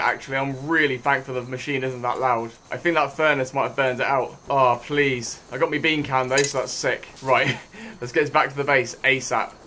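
A young British man giving sweary, jumpy commentary over his own gameplay, hushed one moment and yelling the next. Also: medium pitch, noisy background. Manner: jumpy, swears a lot, shifts from hushed to shouting. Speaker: gaming YouTuber.

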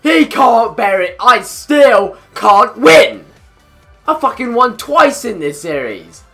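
Hoarse, high-voiced young man yelling at a game. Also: slow pace, soft background music. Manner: loud, excitable, swears constantly, yells at the game. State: hoarse from shouting. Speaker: gamer and channel host. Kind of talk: let's play commentary.

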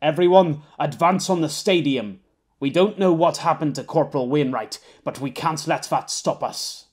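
A man's voice: on the high side, normal speed, natural voice. A squad leader giving firm orders to advance, voiced by a man reading an audiobook. He sounds resolute and in command.

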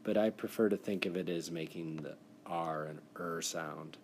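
A man with a very low voice walks young students through a spelling exercise on a screencast. His delivery is encouraging and methodical. A faint hiss sits under the recording. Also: moderate pace, a little mellow. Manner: encouraging, explains step by step. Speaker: teacher. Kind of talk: classroom screencast lesson. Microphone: device mic for screen recording.

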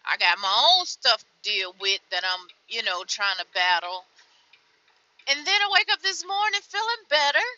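Fed-up woman trucker venting, lively voice. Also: normal speed, muffled recording. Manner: frustrated, weary, swings from low mutters to loud outbursts. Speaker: truck driver vlogger. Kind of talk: venting vlog from the truck cab. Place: inside a truck cab.

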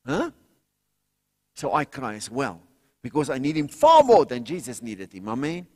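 Male pastor, fervent sermon delivery with loud cries and soft asides, reverberant hall. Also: wildly swooping pitch, moderate pace. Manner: fervent preaching, sudden loud cries then quiet low asides; calls for congregation responses.

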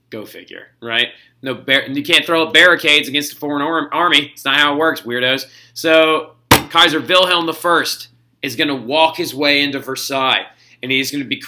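Energetic, bright-voiced male history teacher. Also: mid-range voice. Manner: energetic, jokey, talks straight to students. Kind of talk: casual recorded classroom lecture.

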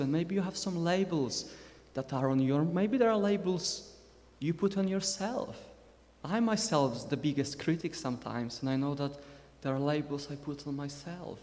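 A young man in his twenties with a Scottish Borders accent preaches a sermon in a chatty way, with joking asides to his congregation. His voice sits a little high for a man. It rings with the long reverb of a church hall. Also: a little mellow. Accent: Scottish, Borders (Galashiels). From Scotland. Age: 20s.

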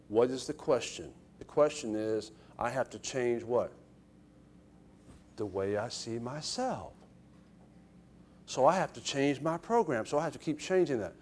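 Middle-aged male motivational lecturer, fairly high voice, preaching cadence, keeps asking the room to finish his sentences. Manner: asks the crowd fill-in questions, preacher-like cadence. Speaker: guest lecturer. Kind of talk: motivational lecture to a college audience. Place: college lecture event.

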